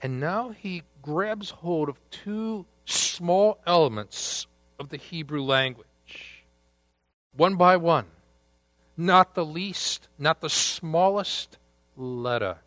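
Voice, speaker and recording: A man preaching a sermon at an unhurried, deliberate pace, pausing for drama and rising for emphasis. His voice sits a little high for a man. The sound is close and dry, with no room echo. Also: expressive, fairly bright tone. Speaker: pastor.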